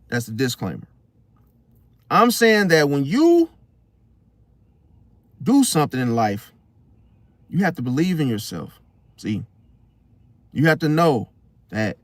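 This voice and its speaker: A man hosting a casual astrology monologue, talking in an animated way and often asking his listeners "See?". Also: on the high side, no room sound. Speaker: host.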